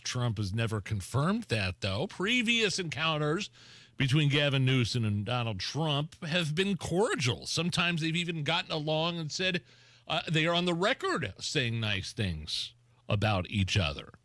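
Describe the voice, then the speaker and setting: A man co-hosting a talk radio show in an animated, laughing style. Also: fairly high pitch, no room sound. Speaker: radio co-host. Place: radio studio.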